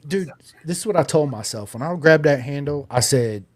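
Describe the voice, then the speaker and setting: A man's voice: on the high side, expressive, normal speed. A man telling a story on a podcast, swearing freely and tagging his sentences with "right?" and "bro". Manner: profane, punctuates with "right?" and "bro". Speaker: race team member guest.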